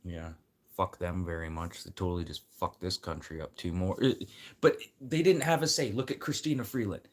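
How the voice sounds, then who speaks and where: Deep-voiced guy, blunt and rambling, swears constantly in a loose rant. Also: moderate pace. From Manitoba. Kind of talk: casual rant.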